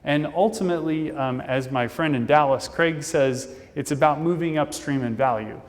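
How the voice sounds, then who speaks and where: A man giving a fast, casual, jokey conference talk from a stage. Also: a little high. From Indianapolis, Indiana, US. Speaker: conference speaker. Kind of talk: keynote presentation. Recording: long reverb of a conference hall.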